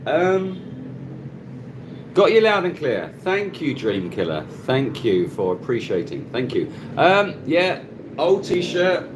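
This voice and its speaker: Amid a noisy background, a middle-aged man in Cebu, Philippines, hosts a casual live stream from his phone. His fairly high voice is very animated yet measured in pace, and he chats, laughs often, and greets viewers by name.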